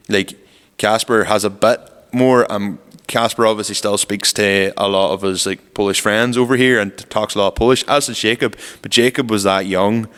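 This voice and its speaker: Guy rambling on a podcast, lowish smooth voice, bit of reverb. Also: a bit bright. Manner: rambling storyteller, lots of "like" fillers. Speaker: podcast co-host. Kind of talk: casual chat.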